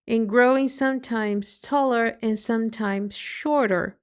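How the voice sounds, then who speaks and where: Slow storybook narrator, a woman. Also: on the high side. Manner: clear and deliberate. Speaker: storyteller for English learners.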